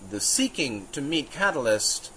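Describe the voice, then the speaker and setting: A man's voice: mid-range voice, sing-song, sharp tone, slight background noise, poor audio. A man giving an unscripted spiritual talk, thinking aloud with fillers and restarts and chuckling now and then. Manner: musing, halting, with frequent fillers and restarts. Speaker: teacher. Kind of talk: spontaneous spiritual teaching.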